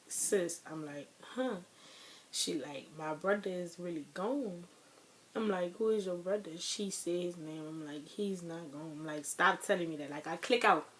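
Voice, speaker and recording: A woman's voice: lowish voice, a little hiss or hum. A young woman telling a story to her viewers in a loose, rambling way, with lots of filler words and direct asides to her audience. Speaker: vlogger. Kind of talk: casual storytime vlog.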